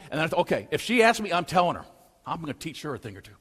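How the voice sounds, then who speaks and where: A man preaching a sermon and telling a story. His voice swings between loud, urgent pleas and hushed, quiet lines. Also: on the high side, big pitch swings, rapid-fire, breathy edge. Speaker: pastor. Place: church sanctuary. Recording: long church hall reverb.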